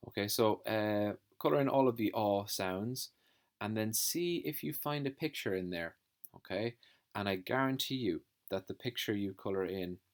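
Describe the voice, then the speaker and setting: A man teaching a phonics lesson to young children, slowly sounding out letters and words. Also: low-pitched. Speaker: primary school teacher.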